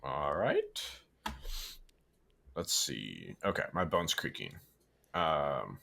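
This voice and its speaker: A man's voice: extremely low pitch, big pitch swings, takes it slowly, gravelly, long pauses, bright, forceful tone. A man casually reading a horror story aloud, stumbling, correcting himself and adding asides. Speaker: story reader and co-host.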